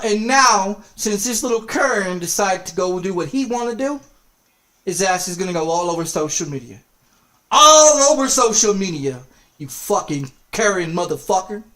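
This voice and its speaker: A man's voice: high-pitched, bright, forceful tone. A man streaming games, delivering an angry, profane rant full of repeated insults and threats. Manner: heated, repetitive cursing, threatening. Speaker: game streamer.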